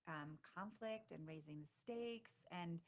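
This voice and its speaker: A woman co-hosting a livestream, chatting excitedly with many fillers and restarts. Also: lowish voice, measured pace. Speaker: conference organizer and co-host. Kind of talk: casual livestream chat.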